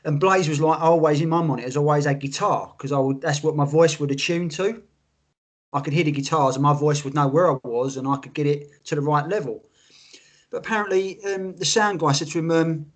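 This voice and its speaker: A man co-hosting a casual podcast chat, animated and sweary, telling stories with quoted voices. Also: a little high, a little fast. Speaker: podcast co-host.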